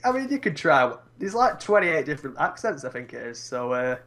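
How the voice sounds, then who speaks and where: A man's voice: on the high side, big pitch swings, brisk, a bit bright. A young man, chatting casually and joking while playing a game with a friend. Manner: chatty, joking, playful silly asides. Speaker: guest co-player. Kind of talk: casual gameplay commentary.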